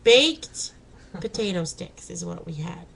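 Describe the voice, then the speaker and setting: A woman's voice: lowish voice, expressive, slow pace, gravelly, fairly bright tone, slightly rough, poor audio. A woman chatting casually in a home vlog, laughing and exclaiming as she talks. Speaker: vlogger. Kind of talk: casual chat.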